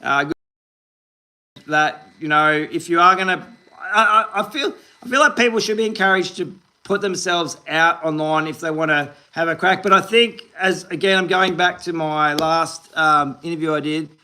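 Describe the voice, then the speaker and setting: Aussie bloke in his 40s doing a fishing livestream, high bright voice, rambly and upbeat chatting to viewers. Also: normal speed. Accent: Australian. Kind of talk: casual live-stream chat reading comments.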